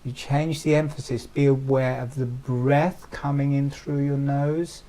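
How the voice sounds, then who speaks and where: Slow, mellow-voiced man guiding breathing. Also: mid-range voice, steady tone, rough recording. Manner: slow, soothing, instructive. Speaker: meditation teacher. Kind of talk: guided breathing instruction.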